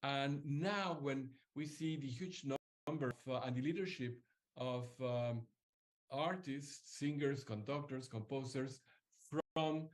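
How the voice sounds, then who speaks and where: A man's voice: mid-range voice, slow. A man hosting an interview, thoughtful and hesitant, often searching for his words. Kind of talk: conversational interview.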